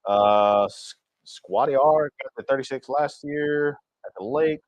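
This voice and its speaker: A man hosting a cooking channel livestream reads viewer comments aloud and answers them in a rambling, friendly way, often restarting his sentences. His voice is medium-pitched and measured, with no room sound, though the recording is rough.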